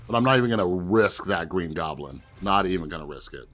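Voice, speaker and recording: Lowish guy chatting through his card game, super animated ups and downs, little bit of music in the back. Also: brisk. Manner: animated, chatty, talks to viewers, bursts of excitement. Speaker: gaming video host. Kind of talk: casual gameplay commentary.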